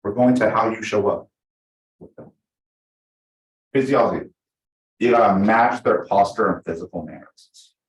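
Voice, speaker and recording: A man teaching real estate agents at a team meeting, talking fast and acting out his examples. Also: fairly low pitch. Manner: energetic, fast, full of acted-out examples. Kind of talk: live team training class. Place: meeting room with a small audience. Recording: echoey room.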